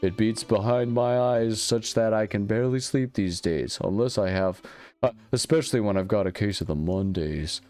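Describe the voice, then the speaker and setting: A man's voice: lowish voice, sing-song, brisk, few pauses, a little mellow, smooth, no echo, soft background music. A man voicing a romantic goofball male adventurer who brags about his family line in a laid-back, rambling drawl. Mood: boastful.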